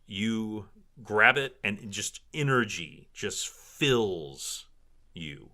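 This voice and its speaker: A man's voice: fairly low pitch, drawn-out words. A man narrating a tabletop fantasy game as dungeon master, telling the scene with dramatic flair. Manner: animated, dramatic storytelling.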